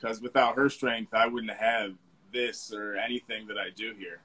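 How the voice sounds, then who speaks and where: A man being interviewed as a guest, speaking in a reflective, earnest and soft-spoken way. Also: fairly low pitch, fairly even intonation, normal speed, slightly rough, low-quality recording. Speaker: guest, fashion model. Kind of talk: casual interview.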